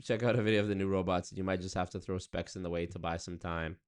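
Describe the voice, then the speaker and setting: A man's voice: deep voice, fairly even intonation, fast, clean tone. A young man chatting loosely with his viewers on a stream, rambling and swearing. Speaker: streamer reacting to chat. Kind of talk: casual livestream chat.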